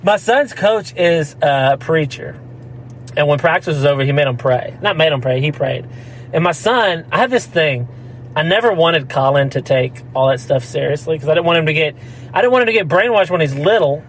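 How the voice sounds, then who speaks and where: A man, somewhat high-pitched for a man, tells a rambling story in easy podcast chat, laughs as he goes and drops into quick mock voices of the people in it. A faint hum sits behind him in the room. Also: animated, low-quality recording. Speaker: podcast co-host. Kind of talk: casual chat.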